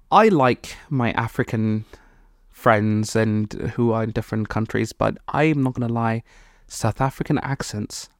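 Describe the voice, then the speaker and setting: A podcast co-host from Malawi chatting casually, rambling and quick to laugh. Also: mid-range voice, no echo, studio quality. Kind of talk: casual chat.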